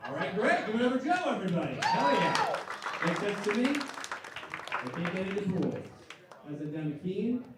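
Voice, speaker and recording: A man with a fairly high voice hosts a live comedy game show, working the crowd in a loud, hyped way. He is picked up from a distance in an echoey club room, with a lively audience behind him. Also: moderate pace, pauses often, very noisy. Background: audience laughing and cheering.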